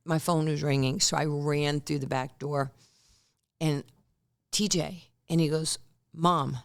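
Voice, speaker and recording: A woman's voice: low-pitched, takes it slowly, clear, resonant tone. A woman in her sixties, a former basketball player, telling stories as a podcast guest and acting out the quotes. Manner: animated storyteller who acts out quotes. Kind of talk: storytelling in a podcast interview.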